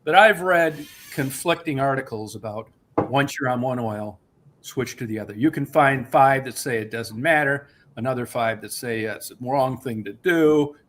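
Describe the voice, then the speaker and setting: A man's voice: medium pitch, normal speed, fairly bright tone, slight background noise. A man telling a heated, profane story in casual chat as the host.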